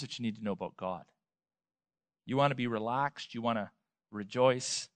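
A man preaching a sermon, emphatic, with rhetorical questions and swings between loud and soft. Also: mid-range voice, normal speed, long pauses, no room sound. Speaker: pastor.

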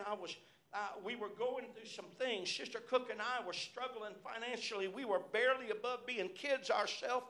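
This middle-aged man's voice is extremely high-pitched and sharp as he preaches a sermon, telling personal stories from the pulpit and repeatedly punctuating his phrases with amens.

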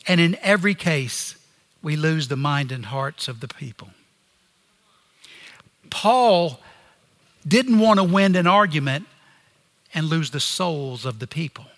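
A man preaching a sermon in an earnest, measured way, pausing often and letting phrases drop low at their ends. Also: pushed and bright, long reverb tail.

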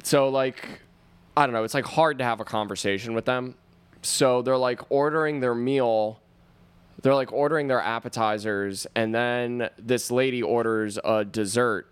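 A man's voice: mid-range voice, steady tone, moderate pace, clear, resonant tone, no echo. A man who waits tables tells a story of a customer complaint. He rants bluntly and swears heavily, in plain conversational delivery. The sound is dry and close. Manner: blunt, profane ranting. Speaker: waiter. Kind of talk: casual chat.

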